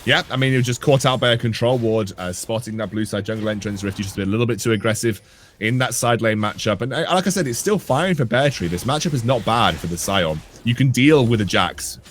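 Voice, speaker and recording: A man's voice: lowish voice, animated, fairly quick, a little hiss or hum. A man giving esports color commentary, rambling and analytical with frequent restarts. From England. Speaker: color caster.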